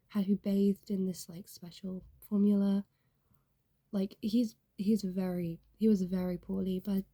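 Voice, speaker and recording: A woman's voice: mid-range voice, dark tone, dry recording, clean studio sound. A young woman talking in a rambling, candid way, full of fillers, in a casual confessional vlog. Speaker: YouTuber.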